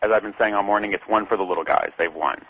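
A man reporting as a political correspondent on a radio show, confident and brisk. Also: lowish voice, slightly rough. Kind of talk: radio news commentary. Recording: dull radio broadcast sound.

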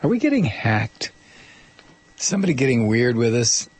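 A man's voice: medium pitch, very animated, normal speed, breathy edge. A man hosting a talk radio show, rambling and joking with lots of fillers and restarts. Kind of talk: casual talk radio monologue.

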